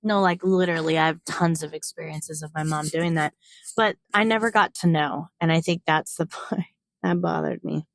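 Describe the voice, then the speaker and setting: A young woman vlogger telling a candid personal story, frank and animated, swearing freely and acting out what people said. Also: low-pitched, moderate pace, dry recording, poor audio.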